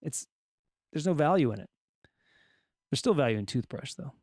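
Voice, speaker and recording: A man's voice: medium pitch, animated, normal speed, a little mellow, dry recording, clean studio sound. A man with a Californian accent hosting a solo podcast, reading odd news stories and tossing in joking asides. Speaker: podcast host.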